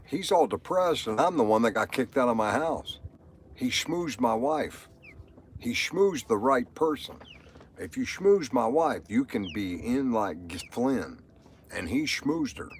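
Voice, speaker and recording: A man's voice: mid-range voice, big pitch swings, a little slow, slight background noise. A middle-aged man talking on a live stream, rambling and repeating himself with strong emotion. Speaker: livestreamer. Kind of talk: live stream monologue, reading chat.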